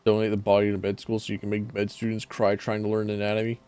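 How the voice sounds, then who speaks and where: A man's voice: lowish voice, monotone, quick pace, a little mellow, clean tone. A man streaming a game, chatting casually with a rambling, profane manner. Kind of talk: casual gameplay commentary.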